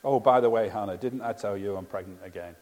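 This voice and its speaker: A sly, mock-sweet woman needles her rival in a mellow, soft-edged voice, as a preacher reads her lines. Every barb comes wrapped in false kindness. Her words ring out with a long reverb. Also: lowish voice, fast talker, close to an everyday voice.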